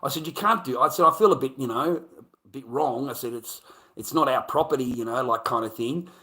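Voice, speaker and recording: A man streaming live, rambling through a story with heavy swearing and animated bursts. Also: mid-range voice, a little fast. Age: adult. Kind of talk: casual livestream storytelling.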